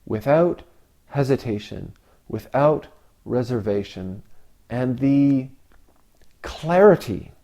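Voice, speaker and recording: A man giving a reflective Zen dharma talk, asking rhetorical questions with long pauses. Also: mid-range voice, lively intonation, dark tone. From Canada. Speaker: Zen teacher.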